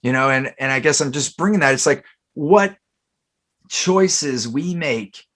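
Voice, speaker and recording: A man's voice: mid-range voice, expressive, a little slow, fairly bright tone. A man hosting a casual podcast chat, telling stories in a rambling way with many fillers and restarts. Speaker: podcast host.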